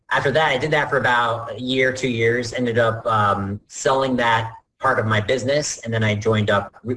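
A man's voice: lowish voice, a bit bright, recorded from a distance, low-quality recording. A man from New Jersey introducing himself and his work history in a loose, conversational way. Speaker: marketing professional. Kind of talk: self-introduction.

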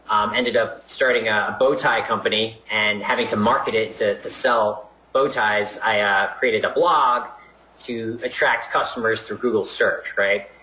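Man from New Jersey, casual career intro, bright tense voice, echoey room. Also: fairly low pitch. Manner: loose, chatty, with fillers. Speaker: alumnus introducing himself.

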